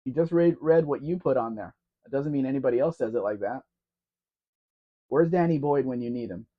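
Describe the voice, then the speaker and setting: A man's voice: medium pitch, fairly quick. A man hosting a casual live Q&A stream. He reads out viewer comments and answers them in a chatty, teasing way. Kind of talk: casual livestream chat. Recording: dull lo-fi sound.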